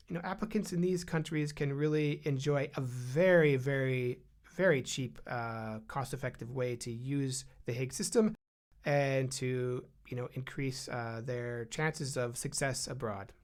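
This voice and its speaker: A man speaking as a guest expert in a podcast interview, relaxed and conversational, with frequent fillers and restarts. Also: on the high side. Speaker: guest expert on design protection.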